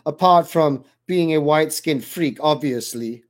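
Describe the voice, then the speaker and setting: A man's voice: fairly high pitch, measured pace, voice pushed up, lightly acted. A man reading the lines of a sneering, mouthy male drop trooper in an audiobook, in a mocking, provoking tone.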